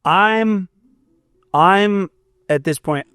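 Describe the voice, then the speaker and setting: In a smooth, high-pitched voice that draws out its words, this young Fort Myers, Florida, musician guest tells a story in relaxed conversation. The studio recording has no room sound, and he's animated, acting out quotes with the occasional swear.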